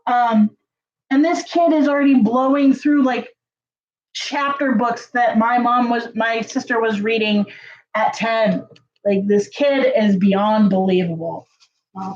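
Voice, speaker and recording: A woman telling a story to her viewers in a casual, chatty way, full of fillers and lively jumps in pitch. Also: dull audio. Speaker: channel host.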